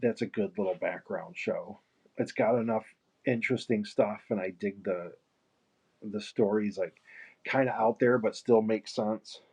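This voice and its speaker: A man's voice: lowish voice, unhurried, a little mellow, breathy edge. A man chatting casually and rambling while he paints on a live stream, laughing now and then. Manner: rambling, easygoing, laughs often. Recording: muffled lo-fi stream mic.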